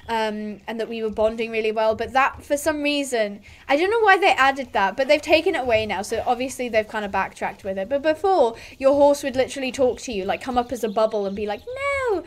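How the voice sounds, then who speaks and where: A woman's voice: a little high, brisk. A woman chatting casually over her gameplay, rambling and reading quest lines aloud. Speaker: gaming youtuber.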